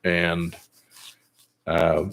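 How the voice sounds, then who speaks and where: Deep-voiced man in his fifties rambling. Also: completely flat delivery, very slow, fairly bright tone. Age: 50s. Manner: rambling, easygoing, many fillers. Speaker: channel host. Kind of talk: casual vlog chat.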